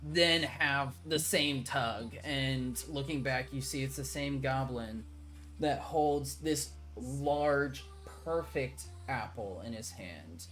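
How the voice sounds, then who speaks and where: A man narrating a tabletop game as game master, unhurried and descriptive. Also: medium pitch, a bit bright.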